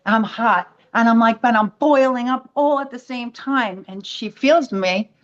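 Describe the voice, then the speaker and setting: A woman's voice: on the high side, measured pace, dull audio. A woman from the United States, a podcast guest telling a personal story and acting out the voices of other people. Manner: animated storytelling, acts out quoted voices.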